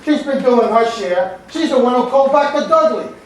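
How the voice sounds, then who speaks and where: A man's voice: very high-pitched, animated, moderate pace. An actor playing a jittery man alarmed by trouble, nervous and stammering, in a live stage comedy. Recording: echoey stage sound from a distant mic.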